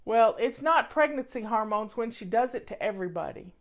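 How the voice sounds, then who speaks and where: A woman's voice: a little high, lively intonation, fairly quick. A woman talking casually to her viewers at home over afternoon tea, earnest and repeating her points for emphasis. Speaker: vlogger. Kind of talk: casual talk to camera.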